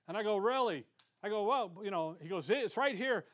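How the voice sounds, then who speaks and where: A man's voice: high-pitched, animated, fairly quick, a bit bright. A male pastor preaching a sermon in a conversational way, acting out the voices of the people he quotes.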